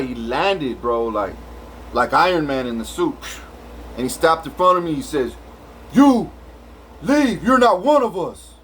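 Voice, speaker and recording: A man's voice: mid-range voice, fairly bright tone, a little hiss or hum, rough recording. A man telling a rambling story full of swearing, restarts and filler. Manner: rambling, profane, many restarts. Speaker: vlogger.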